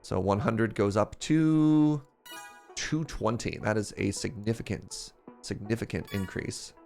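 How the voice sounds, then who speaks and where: A man's voice: fairly low pitch, unhurried, vocal fry. Chatty man streaming a game. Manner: animated storytelling, self-mocking, laughs often. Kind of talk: casual live-stream chat. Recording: faint game music behind.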